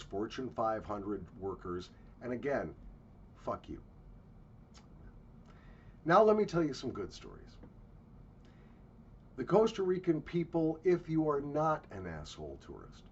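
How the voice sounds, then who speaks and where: A man with a fairly low voice rants and tells travel stories in a blunt, profane way. He is walking outdoors. The recording is slightly muffled, with faint ambient noise behind him. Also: a little mellow. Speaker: travel vlogger. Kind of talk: ranting travel monologue.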